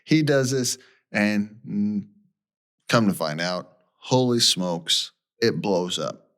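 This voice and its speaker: A man with a low voice tells a story with lots of swing in his pitch. He rambles casually and acts out the people he quotes, as a podcast co-host would. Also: lively intonation, slow pace.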